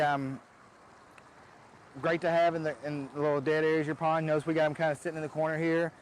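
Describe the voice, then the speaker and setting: Man, high voice, chatty outdoor how-to, restarts sentences, pond business owner. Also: rough recording. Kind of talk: casual how-to demonstration. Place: outdoors beside a backyard pond.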